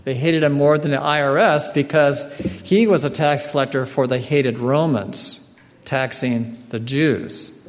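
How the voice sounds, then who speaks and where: Guy preaching real slow, keeps clearing his throat, big reverby hall. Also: mid-range voice. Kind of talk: sermon.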